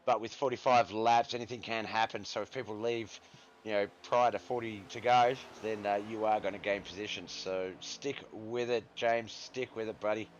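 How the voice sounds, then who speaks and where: A man with a lowish voice calls a race on a live stream in a loose, chatty way. He breaks off to greet viewers and read out their messages. A faint hum of noise sits under his voice. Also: fairly even intonation, moderate pace, highs cut off. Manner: chatty, reads out viewer chat and calls people brother. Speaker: stream host and race commentator. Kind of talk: casual live-stream sim racing commentary.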